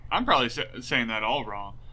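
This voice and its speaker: A man's voice: medium pitch, very animated, fairly quick, pushed and bright. A man playing a story game and reading its text, joking at his own mistakes and swearing casually. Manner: self-deprecating, swears casually. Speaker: gaming YouTuber. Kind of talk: let's play commentary and reading. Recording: game music underneath.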